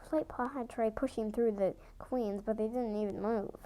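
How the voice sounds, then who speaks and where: Young woman reading her fan story out loud, kinda high voice, soft mellow tone, stumbles and restarts. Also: fairly even intonation, poor audio. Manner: halting amateur reading with restarts. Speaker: fan audiobook reader.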